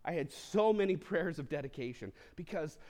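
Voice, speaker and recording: A man preaches to his congregation, his voice sitting a little high for a man. He teaches through the text in a conversational way, stopping for casual asides and questions to the listeners. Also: animated, normal speed, darkish tone. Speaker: pastor. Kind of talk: sermon.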